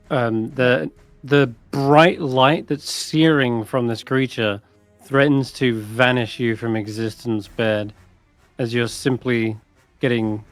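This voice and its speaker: A man narrating as dungeon master in a tabletop game, unhurried and deliberate. His voice sits at an ordinary pitch and sounds dry and close, with faint music underneath. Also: no echo.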